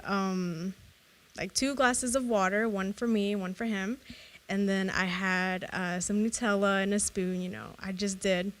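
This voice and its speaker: Young female podcast co-host, mid-pitched, animated and giggly. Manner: animated storyteller, laughs often. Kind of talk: casual chat.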